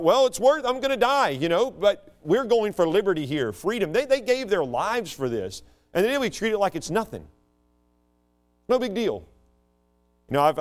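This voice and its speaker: A man from the United States giving a rambling, digressive talk to a group, in an animated voice. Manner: animated and digressive, with sudden jumps up and down in pitch. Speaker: speaker addressing a group.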